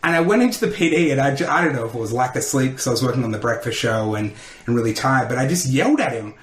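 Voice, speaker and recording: A man, a comedian telling lively stories in a podcast interview and acting out the voices of people he quotes. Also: mid-range voice, fast talker, echoey room. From Australia. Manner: animated storyteller who acts out quotes. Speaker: comedian and radio host, podcast guest. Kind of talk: casual interview storytelling.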